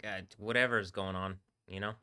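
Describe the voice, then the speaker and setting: A man's voice: on the low side, steady tone, moderate pace, bright, forceful tone, clean tone. A man rambling and swearing on a live stream, often breaking into laughter. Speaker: livestreaming DJ.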